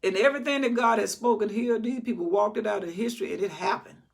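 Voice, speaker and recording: Older woman Bible teacher, folksy and animated, husky worn voice, acts out the verses. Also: mid-range voice, fast. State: voice recovering, slightly worn.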